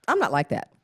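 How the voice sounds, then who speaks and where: A middle-aged woman performing a stand-up comedy set, often jumping into squeaky acted-out voices.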